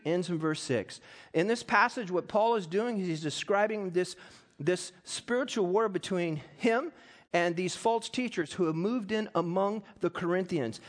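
A middle-aged male pastor preaching a sermon, reading scripture and telling stories that build into loud, impassioned peaks. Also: high-pitched.

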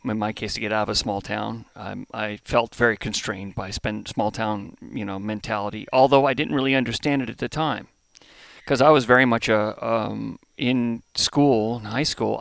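Recorded at his home in Hawaii, a middle-aged man from the United States who founded a brewery reflects in a conversational podcast interview. He has a medium-pitched voice with vocal fry, and he's thoughtful, frequently restarting phrases while hunting for words.

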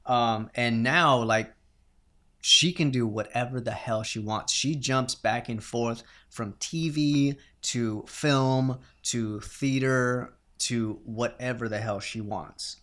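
A man's voice: medium pitch, slow, a bit bright. A man co-hosting a podcast, talking enthusiastically about movies and actors, swearing casually and often restarting his sentences. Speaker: podcast co-host.

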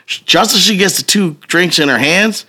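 A man telling a long personal story in casual chat, profane and animated, laughing as he goes. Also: high-pitched, moderate pace.

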